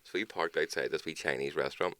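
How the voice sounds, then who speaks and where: A man's voice: a bass voice, quick pace, pushed and bright, dry recording. A young man with a Northern Irish accent, co-hosting a casual chat and telling anecdotes with lots of swearing. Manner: swearing, acts out voices in anecdotes. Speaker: podcast co-host.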